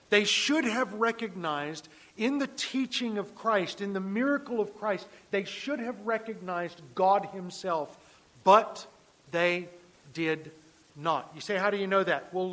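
Bright-voiced male pastor preaching. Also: high voice. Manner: storytelling, earnest, repeats words when emphatic. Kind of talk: sermon.

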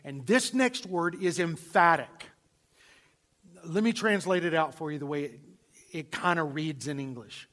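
A male pastor preaching a sermon, swinging from loud emphasis to hushed, near-whispered lines. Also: fairly high pitch, animated, a little slow.

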